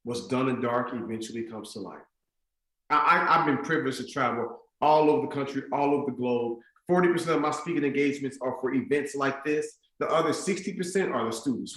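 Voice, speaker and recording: Echoey motivational speaker, lively storyteller. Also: male voice, medium pitch, a little fast. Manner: animated, conversational storytelling with lots of "like" and "you know what I'm saying". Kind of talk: storytelling keynote speech. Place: stadium event for school staff.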